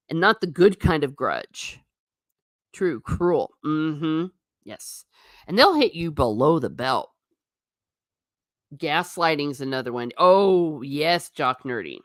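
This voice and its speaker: A woman's voice: sits low, lively intonation, slow, no room sound, clean studio sound. A woman hosting a casual livestream, chatty and emphatic, reading viewer comments aloud and answering them. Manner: chatty and emphatic, repeating for effect. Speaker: livestream host.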